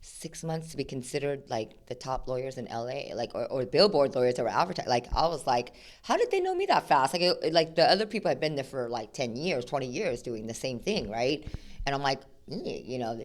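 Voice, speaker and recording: A woman attorney from Sacramento, chatting casually as a podcast guest and telling animated stories, acting out quoted exchanges with lots of fillers. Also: very deep voice, a little fast. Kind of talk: casual interview chat.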